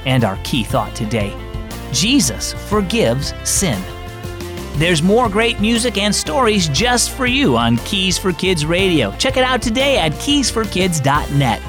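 A man's voice: high voice, unhurried, music in the background. Friendly male children's radio host. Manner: bright, friendly, expressive storytelling. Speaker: host and narrator. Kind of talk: children's devotional radio narration.

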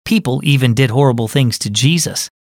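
A man voicing a gentle bulky uncle. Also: medium pitch, brisk, dry recording, clean studio sound, natural voice. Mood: consoling. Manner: earnest, consoling storytelling. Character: gentle bulky uncle comforting his nephew. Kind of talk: scripted children's radio drama.

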